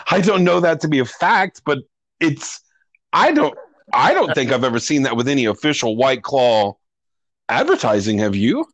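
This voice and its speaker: Lively joking man on a podcast. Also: medium pitch, moderate pace, no echo. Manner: jokey, mock-indignant. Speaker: podcast guest. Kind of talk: casual comedic banter.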